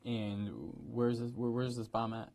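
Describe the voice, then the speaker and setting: A man's voice: mid-range voice, little pitch movement, a little slow, warm tone, no echo, voice pushed down, natural voice. A man acting out a cautious male security guard questioning a caller on the phone.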